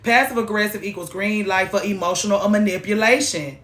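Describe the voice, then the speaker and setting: A woman's voice: mid-range voice, a little fast, a bit bright, reverberant. Blunt, profane woman giving advice. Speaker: advice streamer. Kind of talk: live-stream advice chat.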